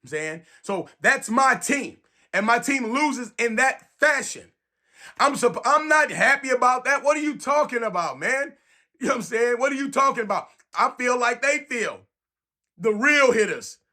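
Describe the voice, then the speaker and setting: With a very high-pitched voice at a moderate pace, a San Francisco man goes off on a casual sports-fan rant to camera. He stays animated and emphatic, hammering his points by repeating them.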